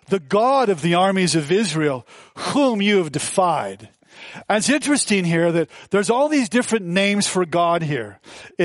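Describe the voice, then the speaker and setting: A man's voice: high-pitched, dry recording. A male pastor teaching a sermon in a loose, conversational way, full of asides and fillers.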